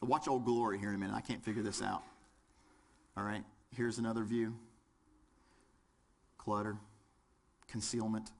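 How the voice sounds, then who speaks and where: A man's voice: on the low side, flat delivery, moderate pace, gravelly, long pauses. A man with a Southern US accent teaching a fire service class, quizzing the audience and joking as he goes. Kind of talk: lecture with audience participation.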